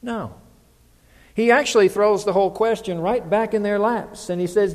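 A man's voice: high-pitched, steady tone, moderate pace, a little mellow, in a large hall. A middle-aged man preaching a conversational sermon as pastor, often putting questions to the congregation.

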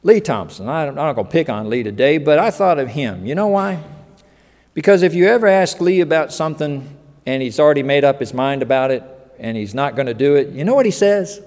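A pastor preaching a sermon in a folksy, joking way, acting out quotes, in a church hall. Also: male voice, on the high side, fairly quick. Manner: folksy, animated, joking asides and acted-out quotes.

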